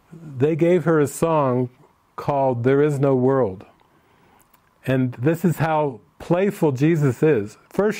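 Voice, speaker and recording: A man's voice: medium pitch, warm tone. A man leading a spiritual retreat session in an informal way, answering participants' questions and telling stories in which he acts out the people he quotes.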